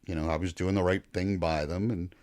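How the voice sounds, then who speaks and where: A man hosting a casual podcast chat, telling sales stories in a relaxed way full of "you know". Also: low voice, fairly quick, dry recording, clean studio sound. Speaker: podcast host, retired salesman.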